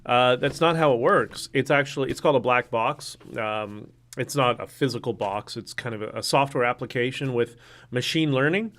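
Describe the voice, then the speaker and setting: A man's voice: mid-range voice, normal speed, fairly bright tone. A man hosting a casual solo livestream, rambling through topics and viewer comments with many fillers and restarts. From Canada. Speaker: livestream host.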